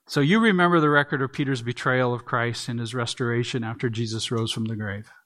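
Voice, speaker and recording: A man's voice: mid-range voice, fairly quick, fairly bright tone. A man preaching an earnest expository sermon, leaning on emphatic repeats. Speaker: pastor.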